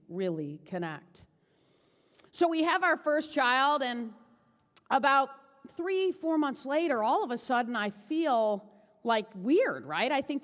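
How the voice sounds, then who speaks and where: Keynote storyteller, woman, bright higher voice, lively delivery, hall reverb. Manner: animated, chatty, tag questions to audience. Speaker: motivational keynote speaker. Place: large event hall.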